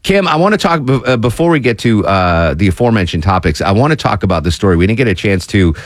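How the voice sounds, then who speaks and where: A man's voice: on the low side, sing-song, no room sound, clean studio sound. A man hosting a live radio talk show, joking and chatting casually with a caller and his producer. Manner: jokey, quick, ad-libbing with filler. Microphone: studio microphone.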